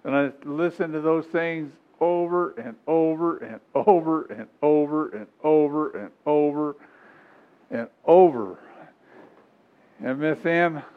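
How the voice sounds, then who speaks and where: Male pastor, fairly high voice, homespun sermon delivery, thin phone-quality sound. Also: slow. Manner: folksy, repetitive preaching with chuckles. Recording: tinny phone-like recording.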